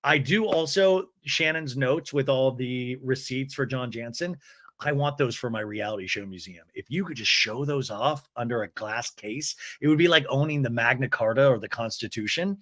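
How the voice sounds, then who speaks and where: A young adult man hosting a podcast, giving a gossipy comedic recap in an animated way. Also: medium pitch, normal speed. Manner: animated, gossipy, switches into mocking voices. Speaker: podcast host.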